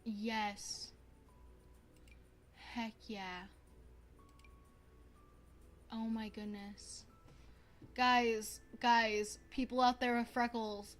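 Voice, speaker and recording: A young woman streaming a life-sim game, chatting casually to viewers in a bubbly, excitable way, gasping and repeating herself. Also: fairly high pitch, drawn-out words, long pauses. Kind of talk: casual gaming stream chat.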